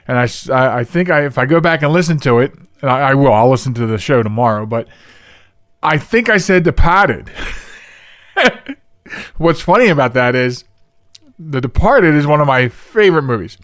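Philly-area guy rambling on his own podcast, mid-pitched, dry close mic, keeps restarting himself. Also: expressive, moderate pace, fairly bright tone, dry recording. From Philadelphia region. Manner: rambling, self-correcting, laughs at himself. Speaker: podcast host. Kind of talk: casual solo podcast chat.

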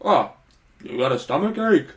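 A man playing a clumsy, friendly male giant in a comedy sketch, speaking in slow, goofy sing-song rhymes. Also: a little high, big pitch swings.

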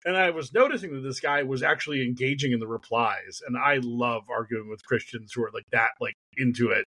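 A man co-hosting a casual comedy podcast, telling a story with laughs and quick mimicry. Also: medium pitch, pushed and bright. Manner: storytelling, laughs often, mimics people in quotes. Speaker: podcast co-host.

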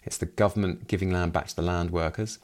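Deep-voiced man hosting a book podcast. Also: steady tone, fast talker, a little mellow. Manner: plot summary with wry asides. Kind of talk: solo book review podcast.

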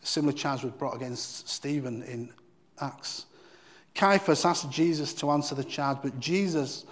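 A man's voice: medium pitch, normal speed, long reverb tail. A man giving a devotional Bible teaching in an earnest, emphatic way, often repeating key phrases.

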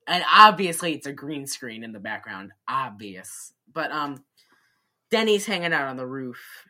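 A woman's voice: a bass voice, measured pace. A woman co-hosting a casual chat, animatedly retelling a movie and acting out lines with giggles. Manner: animated, giggly, acts out quotes. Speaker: podcast co-host.

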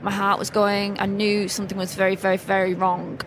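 A woman speaks as a podcast guest in a casual, candid way, poking fun at herself. Her voice sits at a middle pitch. A clear hiss of noise runs under the recording. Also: monotone, fairly quick. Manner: candid, self-deprecating, laughs at herself. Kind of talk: casual interview chat. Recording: noisy background hiss.

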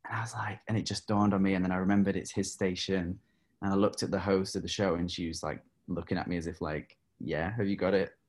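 A man's voice: low voice, fairly even intonation, fast talker. A man from the UK, a singer-songwriter, telling a story in an interview and acting out the voices in it. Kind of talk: anecdote in an interview.

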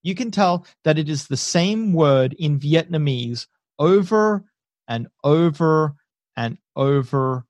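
Relaxed man running a tabletop game. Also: a little high, takes it slowly, no room sound. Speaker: game master.

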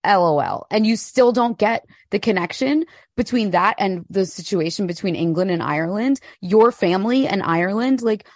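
A woman's voice: medium pitch, expressive, moderate pace, hardly any pauses, no room sound, studio quality. A young adult woman co-hosting a casual podcast chat, blunt and indignant, swearing freely. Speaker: podcast co-host.

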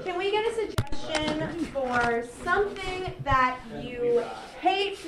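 A woman's voice: sits high, animated, takes it slowly. A woman leading an improv session, calling out enthusiastically to a group. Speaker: improv show leader. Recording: roomy, distant, crowd.

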